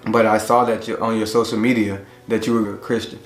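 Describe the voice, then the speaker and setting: Guy with a lowish voice telling how he met his wife, chill and halting, echoey room. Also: little pitch movement. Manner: laid-back, halting retelling that acts out dialogue. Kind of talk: casual storytelling. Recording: roomy echo with faint music.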